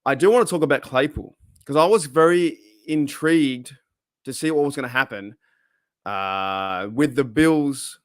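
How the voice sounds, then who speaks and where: A man's voice: mid-range voice, a little slow, smooth, dry recording, studio quality. An Australian man hosting a casual live stream, rambling and chatting while reading viewers' comments aloud. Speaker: livestream host.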